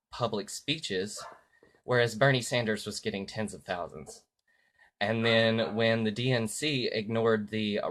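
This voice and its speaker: A man talks on a home live stream in a fairly low voice, a faint hiss under him. He starts hesitant and full of fillers, then builds into loud, heated ranting with swearing. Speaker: political vlogger. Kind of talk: live-streamed political rant.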